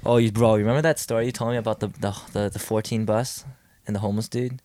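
A young man in casual chat with friends, chiming in with quick jokes and plenty of swearing. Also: on the low side, fairly even intonation, a little mellow, no room sound, clean studio sound. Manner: quick, joking interjections, swears a lot.

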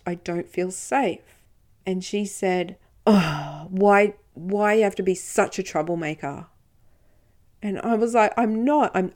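A woman's voice: medium pitch, a little mellow. A woman hosting a podcast, telling a personal story and acting out the dialogue of the people in it, sometimes dropping to a whisper. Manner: recounting events, quoting others in dialogue, occasional whispering. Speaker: podcast host.

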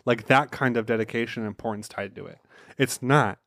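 Man, podcast co-host, casual recap, wry and rambling, medium pitch, dead-dry sound. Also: a little fast, a bit bright, dry recording. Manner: rambling, wry, reads from notes. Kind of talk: casual chat recapping an anime episode.

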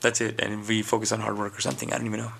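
A man's voice: fairly low pitch, level tone, very fast, gravelly, a bit bright, slight background noise. A man from India chatting casually on a podcast, telling rambling stories and acting out quoted voices. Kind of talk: casual chat.

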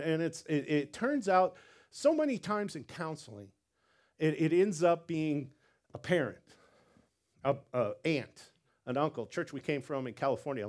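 A man preaching a sermon as pastor, animated, repeating words and acting out quotes. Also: sits high.

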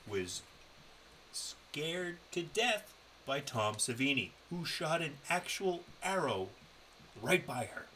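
A man's voice: a little high, very animated, slow, pushed and bright, slight background noise, rough recording. A man co-hosting a podcast, telling a road-trip story in a loose, profane, casual way. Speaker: podcast co-host. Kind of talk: casual chat.

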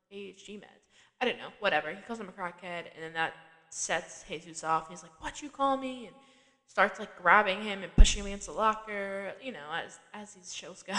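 A woman's voice: mid-range voice, fairly bright tone. Chatty woman podcast host, echoey room. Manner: chatty, laughs often, frequent "like" fillers. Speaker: podcast host recapping a TV episode. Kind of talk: casual chat.

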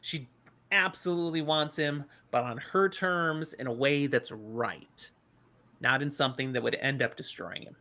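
A woman co-hosting a casual book discussion podcast, retelling the story in an animated way. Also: rumbling low, unhurried. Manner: animated retelling, playful voices in quotes. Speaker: podcast co-host.

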